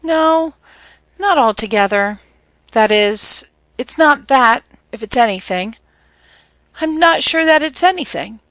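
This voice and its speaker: A woman putting on a sweet, spirited young sister in a storybook, soft-spoken and lightly playful. Her voice lifts above the narration, high and bright, with a dry, close sound. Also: lively intonation, slow pace, pauses often, no room sound, heavily acted.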